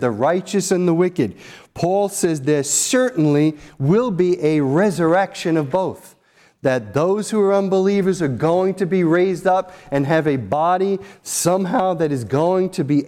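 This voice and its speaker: A man's voice: a little high, animated, unhurried, dark tone. A male pastor preaching a sermon in an earnest, emphatic way, repeating key phrases.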